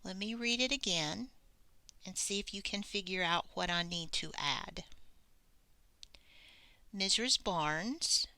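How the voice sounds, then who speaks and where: A woman teaching a recorded grammar lesson, reading examples slowly and deliberately, with soft breathy asides. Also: on the low side, dry recording. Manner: slow, deliberate, reads examples aloud with pauses.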